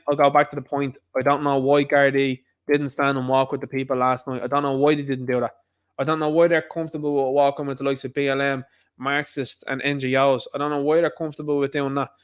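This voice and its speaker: Guy on his livestream, rambling on, keeps repeating little asides, voice a bit high. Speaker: livestream host. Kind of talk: casual livestream commentary.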